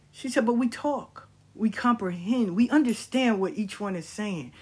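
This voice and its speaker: Husky-voiced woman, blunt and profane. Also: mid-range voice, normal speed, hardly any pauses, a little mellow. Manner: mimics people in quoted asides. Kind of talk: candid storytelling monologue.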